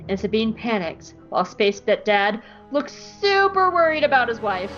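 A woman's voice: fairly high pitch, very animated, a little slow, few pauses, fairly bright tone, dull audio, faint music behind. A woman co-hosting a podcast, recapping an episode in casual, enthusiastic chat with plenty of "like" fillers. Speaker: podcast co-host.

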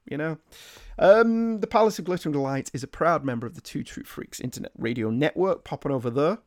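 A man's voice: a little high, expressive, fairly quick, dry recording. Guy podcasting solo, middle-aged, reads out emails and rambles on, dry close mic. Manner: chatty, rambling, self-deprecating. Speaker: podcast host.

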